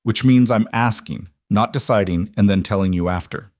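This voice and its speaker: A man voicing a reserved, careful middle-aged rancher in a storybook reading, halting and earnest. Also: on the low side, darkish tone, no echo, studio quality, close to an everyday voice.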